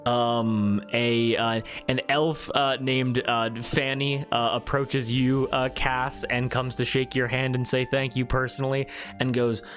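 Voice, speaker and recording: A man's voice: medium pitch, little pitch movement, measured pace, fairly bright tone, soft background music. A man running a tabletop game as game master, narrating in a loose, rambling way with many fillers.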